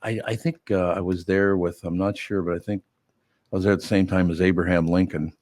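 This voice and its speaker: Low-voiced older man, wry rambling host. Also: steady tone, brisk, darkish tone, no echo. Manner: rambling, wry, self-mocking. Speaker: radio show host. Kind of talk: casual chat.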